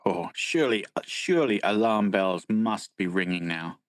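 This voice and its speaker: A man's voice: fairly low pitch, expressive, normal speed, no room sound, low-quality recording. A man co-hosting a film podcast, analytical and blunt, swearing freely. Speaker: podcast co-host. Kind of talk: casual film discussion.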